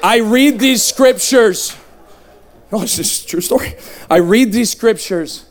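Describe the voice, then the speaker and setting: A man in his thirties giving an emphatic, humorous testimony sermon, shouting at the high points. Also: measured pace. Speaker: evangelist. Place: revival tent.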